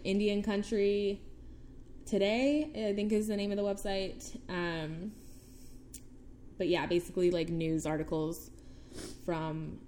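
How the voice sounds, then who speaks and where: A woman's voice: on the low side, a little mellow, slight background noise. A young woman co-hosting a casual podcast, chatty, laughing often and filling her sentences with ums and likes. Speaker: podcast co-host, case presenter.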